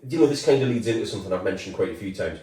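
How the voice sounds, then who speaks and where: A man's voice: fairly low pitch, animated, racing, mellow. A man in his forties hosting a podcast in casual chat, rambling and swearing with lots of fillers. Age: 40s. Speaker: podcast host. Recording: roomy, distant mic.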